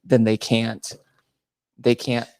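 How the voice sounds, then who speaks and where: A man's voice: mid-range voice, monotone, takes it slowly, darkish tone, clean tone. A man hosting a podcast in casual chat, telling crude, mocking stories and laughing often. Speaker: podcast host.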